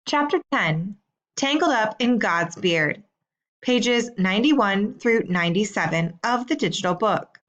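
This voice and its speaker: Woman teacher, medium pitch, reads assignment questions slowly and clearly. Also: expressive, a bit bright, lo-fi sound. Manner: slow, clear and deliberate. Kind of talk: recorded assignment instructions.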